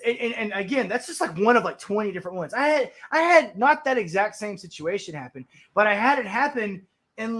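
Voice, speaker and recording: A man hosting a blunt talk stream, telling stories in a profane, animated way and stumbling over repeated words when worked up. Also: very high-pitched, normal speed. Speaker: stream host. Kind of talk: blunt casual storytelling.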